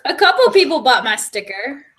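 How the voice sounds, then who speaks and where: A woman's voice: sits high, big pitch swings, moderate pace, a bit bright. A woman in a casual chat, stubborn and playful in her comebacks.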